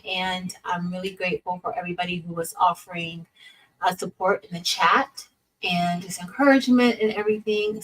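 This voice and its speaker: A woman hosting a relaxed craft livestream. She chats in an upbeat, friendly way, greets viewers one by one, and talks at a middling pitch into a computer mic. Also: rough recording.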